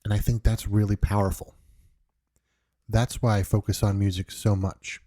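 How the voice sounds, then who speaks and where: Earnest low-voiced man musing on music. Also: little pitch movement, moderate pace, dark tone. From New York. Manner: earnest, reflective, with frequent restarts. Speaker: podcast host. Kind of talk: unscripted podcast monologue.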